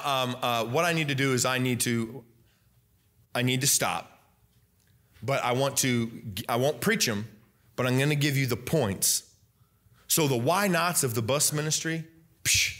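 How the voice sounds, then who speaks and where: A young man preaching a sermon as pastor, loud and animated, breaking into sing-song emphasis. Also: mid-range voice. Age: young adult.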